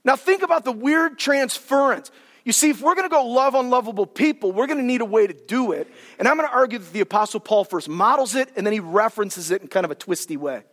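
High-voiced preacher in an echoing hall. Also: male voice, fast talker. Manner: animated, colloquial, explaining Scripture. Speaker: pastor. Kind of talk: sermon. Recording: hall with long reverb.

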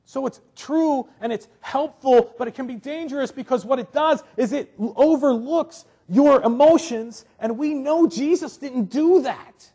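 A man's voice: very high-pitched, unhurried, few pauses, warm tone, husky. A man preaching a sermon in a conversational way, acting out little quotes and often asking "right?". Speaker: pastor.

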